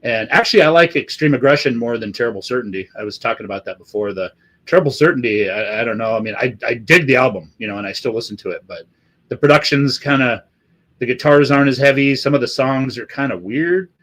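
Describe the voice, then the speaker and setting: A middle-aged man rambling through a casual live stream with a fair amount of drink in him. He swears constantly and wanders from one thought to the next, his voice sitting at a middle pitch. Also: quick pace, a bit bright. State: has been drinking.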